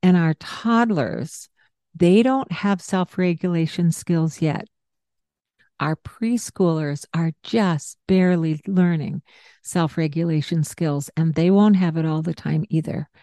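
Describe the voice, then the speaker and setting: Woman, podcast host, low pitch, dry sound, conversational teaching, explains with examples. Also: takes it slowly, no room sound. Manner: explains warmly with examples and asides.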